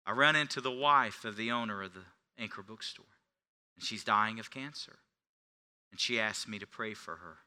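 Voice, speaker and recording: A middle-aged male pastor preaching a sermon, telling a personal story, swinging from hushed confession to loud preaching. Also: fairly low pitch, moderate pace, smooth. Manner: confessional storytelling, dropping to near whispers then rising to shouts.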